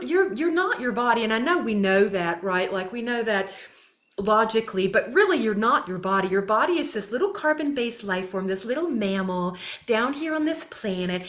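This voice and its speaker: Animated woman in her fifties. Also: a little high. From Mississippi, US. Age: 50s. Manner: animated, swears freely, addresses listeners as y'all. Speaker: guest. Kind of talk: casual talk show chat.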